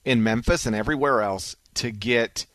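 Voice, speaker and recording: A man hosting a sports talk radio show, animated and teasing, running through the rundown and arguing playfully. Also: mid-range voice, normal speed, no room sound. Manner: animated, teasing, mock-outraged.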